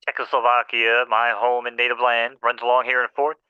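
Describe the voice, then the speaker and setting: Bright, crisp man calling a race. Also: mid-range voice, completely flat delivery, no echo, lo-fi sound. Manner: rapid, playful, rhythmic race calling. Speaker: horse race caller. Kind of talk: race commentary.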